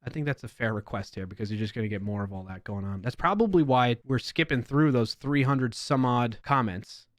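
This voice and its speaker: A man's voice: mid-range voice, fairly quick, few pauses, no echo, studio quality. A man with a New York accent giving casual reaction commentary as a developer YouTuber, with chatty, wry asides.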